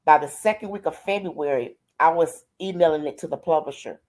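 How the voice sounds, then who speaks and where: A woman's voice: low-pitched, a little fast, a little mellow. An older woman, a grandmother, telling her life story in a streamed interview, heartfelt and colloquial, often repeating "I said" and "she said". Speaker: guest.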